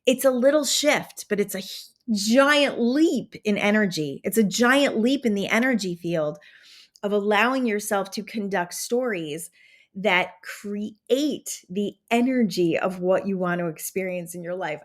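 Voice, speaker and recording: A woman's voice: mid-range voice, unhurried. Enthusiastic woman coaching, chatty delivery. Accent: drifting into a Southern American twang. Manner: animated, enthusiastic, conversational with many fillers. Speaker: podcast host and manifestation coach. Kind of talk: casual motivational talk.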